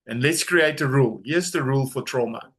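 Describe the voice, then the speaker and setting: A man leading a guided grounding exercise on a video call, giving slow, calm, soothing instructions with long pauses. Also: medium pitch, breathy edge. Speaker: trauma coach leading a webinar.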